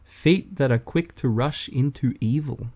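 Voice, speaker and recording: A man's voice: medium pitch, a little slow, a little mellow. A young man hosting a solo podcast, delivering an irreverent, sweary, mocking rant in casual talk. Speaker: podcast host.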